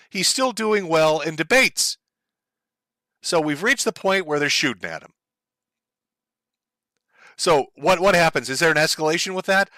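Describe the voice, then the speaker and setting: A man's voice: a little high, bright, forceful tone, no echo. A man hosting a livestream, ranting in a heated, profane and sarcastic way about current events. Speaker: streamer host.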